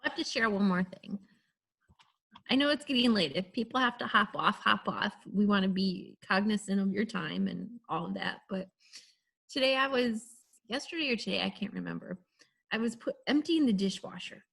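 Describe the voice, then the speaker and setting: A woman shares an encouraging story with her team in an earnest, conversational way. Her voice is somewhat husky. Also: mid-range voice, normal speed, a bit bright. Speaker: team leader in a group call. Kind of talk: motivational casual talk.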